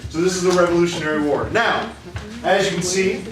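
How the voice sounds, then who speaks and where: A man's voice: sits high, brisk, a loud crowd. A man narrating an improvised comic story on stage, chuckling often. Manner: chuckling, playful. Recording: echoey room from far off.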